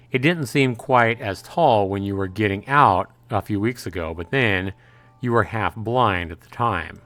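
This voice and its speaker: Low-voiced man reading a visual novel. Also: unhurried, fairly bright tone, dry recording, soft background music. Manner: hesitant reading with frequent "uh" fillers and self-corrections. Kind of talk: let's-play narration.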